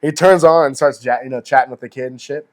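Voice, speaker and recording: A man in his forties co-hosting a podcast, telling stories in a casual, animated way, swearing freely and acting out what people said. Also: medium pitch, fast. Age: 40s. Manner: animated storyteller, heavy swearing, acts out quotes. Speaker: podcast co-host. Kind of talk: casual chat.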